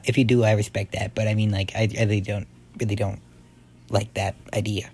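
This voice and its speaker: A young man giving excitable let's-play commentary, yelping and muttering to himself as he plays. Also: fairly low pitch, fairly quick, dry recording. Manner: excitable, yelps and mutters to himself while playing. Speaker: gaming YouTuber.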